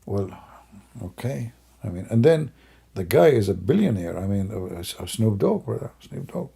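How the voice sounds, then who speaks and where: A man whose first language is Arabic, hoarse from losing his voice, musing and rambling in broken English on a livestream. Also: on the low side, big pitch swings, moderate pace, dark tone. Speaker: livestream host. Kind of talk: casual livestream talk.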